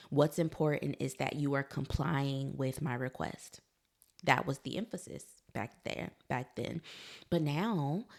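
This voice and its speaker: A woman's voice: low-pitched, vocal fry. A woman, hosting a solo parenting podcast in a conversational way, laughing easily and talking to her listeners directly. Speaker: podcast host, psychologist.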